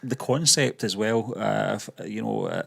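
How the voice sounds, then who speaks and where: A man's voice: fairly low pitch, unhurried, vocal fry, fairly bright tone, husky. A man co-hosting a casual movie news chat, musing with lots of hesitations. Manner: hesitant, musing, many ums. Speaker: co-host.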